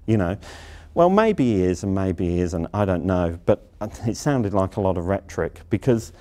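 Middle-aged guy lecturing, low mellow voice, blunt and informal, hammers the same points over and over. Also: animated, moderate pace. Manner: emphatic, repeats key phrases, blunt and informal. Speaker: university leader giving a lecture. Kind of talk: workplace lecture.

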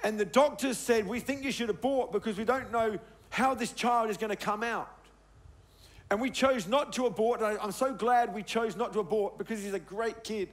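A middle-aged man preaching a sermon as a pastor, telling a personal story with emphatic, sometimes hushed delivery. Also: sits high, normal speed. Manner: emphatic, storytelling, dropping soft on key words.

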